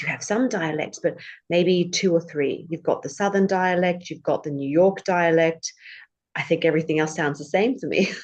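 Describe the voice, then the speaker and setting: A woman from England, a podcast guest talking in a relaxed, reflective way. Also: fairly low pitch. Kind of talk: casual interview chat.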